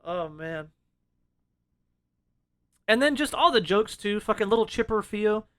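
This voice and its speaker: Casual male podcast co-host, high bright voice, easygoing and salty. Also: animated, unhurried. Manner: laid-back, profane, laughs often. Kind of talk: casual film discussion.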